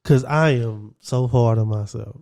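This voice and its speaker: A young man with a drawl talks through a relaxed podcast conversation, lively and quick to laugh. He speaks at an ordinary middle pitch and keeps breaking into bits of his own inner self-talk. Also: vocal fry. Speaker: podcast co-host. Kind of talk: casual chat.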